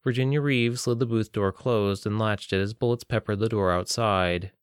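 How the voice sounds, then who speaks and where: A man narrating an audiobook in a steady, plain storytelling manner. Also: lowish voice, moderate pace, clear, resonant tone, no echo, clean studio sound. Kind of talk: scripted narration.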